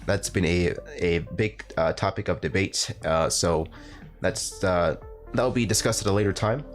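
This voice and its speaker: A man announcing a live online game tournament, talking in a rambling, halting way with lots of fillers and restarts. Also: low voice, faint music behind. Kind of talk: live esports commentary.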